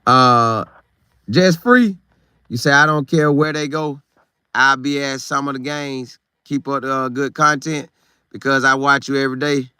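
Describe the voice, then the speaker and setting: Reading live chat on his relaxed Florida stream, this middle-aged host talks loosely and repeats phrases to stress them. He speaks at medium pitch, a little slowly, with a bright, forceful yet smooth tone. The sound is echo-free and studio quality.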